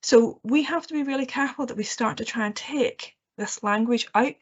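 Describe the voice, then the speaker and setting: Presenting to a room of teachers, a woman speaks in a fairly high, breathy voice at an ordinary pace. The education trainer sounds sincere and comforting, sprinkling in frequent "okays" and "ums" as she checks in. Audio quality is lo-fi and muffled.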